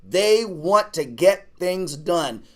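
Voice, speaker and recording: A pastor with a high voice talks very slowly yet animatedly and casually to an online class, tossing in "man" and "y'all." He repeats himself and exhorts his listeners, building energy until he is shouting, like an energetic preaching pitch.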